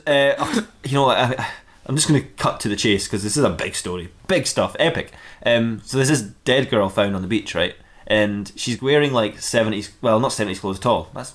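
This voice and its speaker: A man's voice: medium pitch, fairly bright tone. A man casually reading and ad-libbing a comic fan-fiction story, rambling and laughing at his own jokes.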